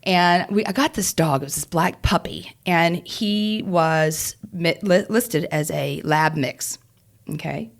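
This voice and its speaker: A woman lawyer co-hosting a podcast, telling an animated story with laughs and restarts. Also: fairly low pitch, slow, vocal fry. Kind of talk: casual storytelling chat.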